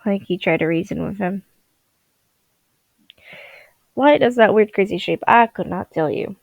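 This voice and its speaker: A woman's voice: medium pitch, fairly quick, creaky, a little mellow, no echo. A tired young woman at home at night, giving casual commentary while drawing, rambling and giggling to herself. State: tired, groggy. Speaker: digital artist vlogger. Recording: dull lo-fi home mic.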